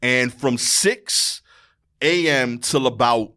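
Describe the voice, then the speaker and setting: A man from Brooklyn holds forth as a podcast guest. He tells his story in street slang and acts out each character in turn. His voice climbs high and loud, then sinks low and quiet. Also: slow. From Brooklyn, New York. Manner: slangy, acts out quoted exchanges, voice drops low and quiet near the end. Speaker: stand-up comedian, podcast guest. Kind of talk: animated storytelling in casual chat.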